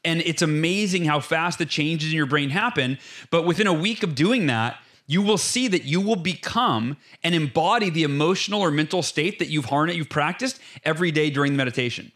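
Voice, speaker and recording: Male interview guest, high voice, punchy motivational delivery, step-by-step. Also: brisk, fairly bright tone. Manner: emphatic, acts out inner voices; lays out numbered steps. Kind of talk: energetic motivational explanation.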